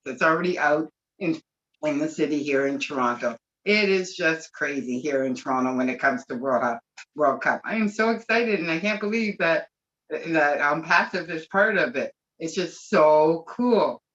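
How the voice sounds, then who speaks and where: A woman's voice: deep voice, moderate pace, fairly bright tone. A woman speaking on a video call, rambling and gushing with emotion. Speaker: webinar participant. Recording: dull lo-fi call audio.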